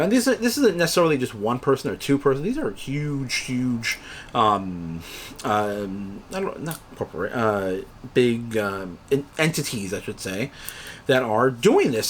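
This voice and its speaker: Middle-aged dude rambling casually about markets, tons of fillers, voice bouncing up and down. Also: male voice, mid-range voice, very animated, moderate pace, a little hiss or hum. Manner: rambling, many fillers and restarts, acts out quoted traders. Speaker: reseller channel host. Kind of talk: casual explainer monologue.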